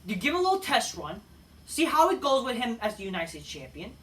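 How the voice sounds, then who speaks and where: A woman's voice: a little high, sing-song, fairly quick, recorded from a distance. A woman giving a heated, profane ranting review as a wrestling show host.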